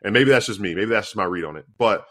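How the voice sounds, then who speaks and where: Very low-voiced man talking basketball. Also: lively intonation, fast talker, bright, forceful tone, no room sound, studio quality. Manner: rambling, many fillers and restarts. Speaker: sports podcast co-host. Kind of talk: casual sports talk.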